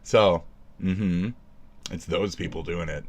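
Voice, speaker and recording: Sarcastic, cursing male streamer, low voice. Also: lively intonation, measured pace. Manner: profane, sarcastic, swings between shouting and mumbling. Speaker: livestreamer. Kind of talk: casual stream rant.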